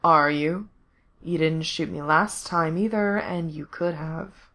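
A woman doing a slow, drawling male villain. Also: a bit bright, exaggerated voice. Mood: drawling menace. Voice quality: low purring drawl. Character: menacing drawling man, cold villain.

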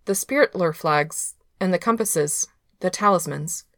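A woman voicing a playful, quick-witted young male cultivator who talks with bright, incredulous energy. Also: on the low side, no room sound, studio quality. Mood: questioning.

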